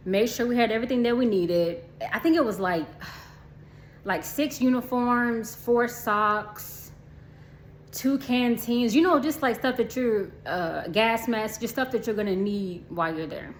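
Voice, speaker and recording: A woman's voice: on the high side, measured pace, a little hiss or hum. A woman vlogger telling a casual storytime, chatty and laughing often, talking straight to her viewers.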